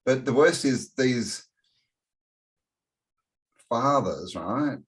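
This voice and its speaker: A man's voice: mid-range voice, expressive, extremely slow. A man as a podcast guest, chatting bluntly with casual swearing and frequent laughs. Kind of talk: casual chat.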